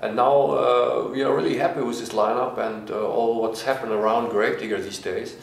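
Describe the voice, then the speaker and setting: A man, the frontman of a band, answering interview questions in halting speech full of fillers and restarts. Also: mid-range voice, fairly even intonation, creaky. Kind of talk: casual interview. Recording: echoey room, faint noise.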